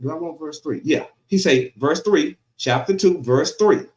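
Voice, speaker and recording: A male pastor preaching a sermon in a church, colloquial and lively, calling out to his congregation for response. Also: on the high side, a little fast, hardly any pauses, reverberant. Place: church sanctuary.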